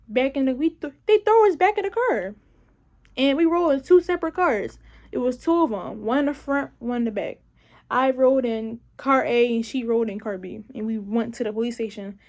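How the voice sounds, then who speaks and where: A young woman from around tells a casual storytime to her viewers. Her voice sits high, and she talks in an animated, profane way, acting out the people in her story. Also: moderate pace. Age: young adult. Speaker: vlogger.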